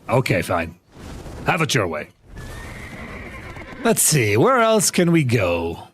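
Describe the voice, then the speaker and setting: A young man live-streaming a game, talking to his chat in an excitable, laughing, apologetic way. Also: mid-range voice, slow, long pauses, faint music behind.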